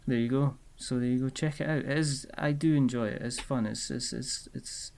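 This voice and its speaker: A man hosting a casual podcast chat, chatty and quick to laugh. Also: mid-range voice, steady tone, vocal fry, darkish tone. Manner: chatty, laughs often, lots of fillers. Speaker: podcast host.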